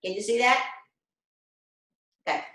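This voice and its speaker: A woman's voice: fairly high pitch, unhurried, roomy sound, poor audio. A woman instructor leading an online class, guiding her students step by step and checking in with them often. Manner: gentle, guiding explanations with frequent check-ins. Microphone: video call.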